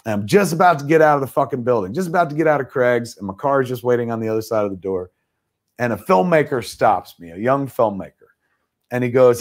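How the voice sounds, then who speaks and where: Middle-aged man, animated storyteller on a video call, salty and quick with impressions. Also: medium pitch. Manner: animated storyteller, swears freely, acts out quotes. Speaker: guest filmmaker. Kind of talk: livestream anecdote telling.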